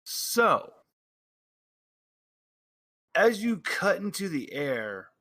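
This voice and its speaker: A man narrating a tabletop game as game master, describing scenes in halting bursts with frequent restarts. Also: sits high, big pitch swings, sharp tone, no room sound.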